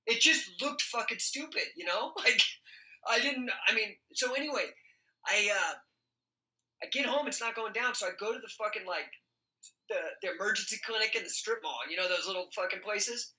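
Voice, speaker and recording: A middle-aged man telling a story in casual talk, swearing constantly and laughing as he goes. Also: high-pitched. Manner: profane, animated, laughs often. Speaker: podcast guest. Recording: roomy echo.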